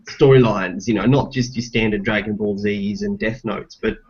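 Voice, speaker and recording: Husky Australian man, casual podcast chat. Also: lowish voice, moderate pace. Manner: searching for words, relaxed and thoughtful. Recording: dull lo-fi podcast recording.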